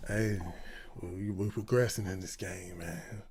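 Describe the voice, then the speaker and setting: A man's voice: deep voice, steady tone, a little slow, a little mellow. Slangy upbeat podcast host man. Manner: hypes the show, slangy and upbeat. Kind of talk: casual chat.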